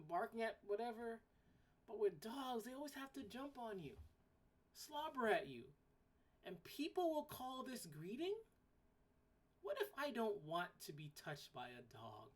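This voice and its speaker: A woman hosting a solo podcast, ranting bluntly, swearing casually and repeating herself when worked up. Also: a little high. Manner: repeats words and restarts sentences when worked up. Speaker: podcast host.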